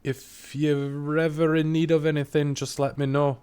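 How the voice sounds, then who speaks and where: A man's voice: a little high, flat delivery, moderate pace, darkish tone, clean tone, voice pushed up, lightly acted. A man doing a chatty dwarf trader. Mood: friendly. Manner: chatty, earnest, hesitant with fillers. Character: friendly male dwarf trader, chatty and businesslike.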